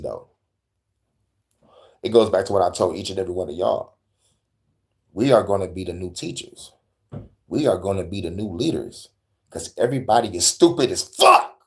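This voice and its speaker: A man's voice: low-pitched, moderate pace, pauses often. A young man hosting an online talk show, reacting in casual, profane slang and laughing often. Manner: animated, laughing, swearing, slangy. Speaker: host.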